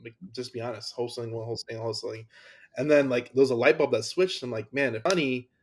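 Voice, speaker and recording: A man's voice: medium pitch, steady tone, quick pace, darkish tone, slight background noise. A man hosting a podcast in casual conversation, enthusiastic and often repeating words as he talks. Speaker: podcast host. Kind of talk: casual interview talk.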